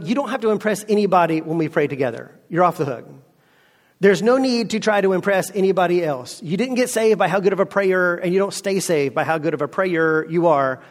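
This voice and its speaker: A male pastor preaching in a casual, lively manner, speaking right to his listeners. His voice sits high for a man and carries a long echo through a large hall. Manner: conversational, lively, addresses listeners directly. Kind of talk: sermon.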